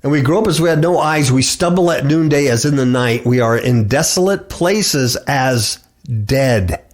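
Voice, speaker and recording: A man's voice: medium pitch, normal speed. A middle-aged man hosting a radio show, preaching and reading scripture aloud. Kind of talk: preaching bible commentary.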